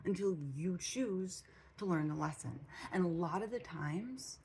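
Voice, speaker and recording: A woman's voice: on the low side, lively intonation, measured pace, a little mellow, slight background noise, low-quality recording. A woman giving blunt, profane spiritual advice in a casual monologue, repeating phrases for emphasis. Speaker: spiritual channel host. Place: home room with a cat.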